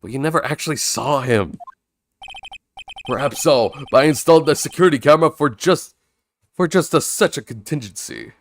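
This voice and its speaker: A man's voice: fairly high pitch, expressive, moderate pace, dry recording, voice pushed up. A man voicing a pompous, self-admiring detective in a game, delivered in a grand theatrical way. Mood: haughty. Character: pompous grandstanding male detective, middle-aged.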